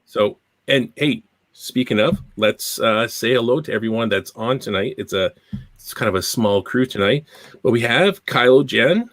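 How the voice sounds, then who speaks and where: A man's voice: mid-range voice, expressive, normal speed, fairly bright tone, no room sound. A middle-aged Canadian man hosting a podcast, chatting in a rambling, self-deprecating way while getting over a cold. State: recovering from a cold. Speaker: podcast host. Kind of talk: casual podcast chat.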